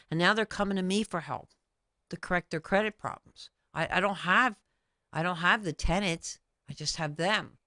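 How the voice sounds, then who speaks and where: A woman's voice: on the low side, pushed and bright, clear, resonant tone, no echo, clean studio sound. A woman hosting a talk show, addressing viewers directly in an emphatic, repetitive way as a credit consultant.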